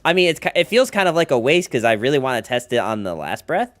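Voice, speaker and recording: A man's voice: mid-range voice, sing-song, quick pace, fairly bright tone, faint music behind. An American man casually commentating his gameplay on stream, chatty and playful, joking with his chat.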